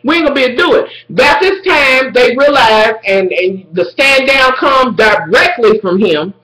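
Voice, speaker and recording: In an echoey room, a woman addresses her audience directly while recapping a TV drama episode, lively and swearing a lot in a casual video. She has a fairly high, bright voice with a slight edge, and she keeps a moderate pace.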